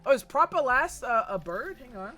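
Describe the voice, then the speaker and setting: Lively, bright-voiced profane streamer man. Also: extremely high pitch, normal speed, soft background music. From Texas, USA. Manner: rambling, profane, reads chat messages aloud and jokes back. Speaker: gaming streamer. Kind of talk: casual livestream chat while gaming.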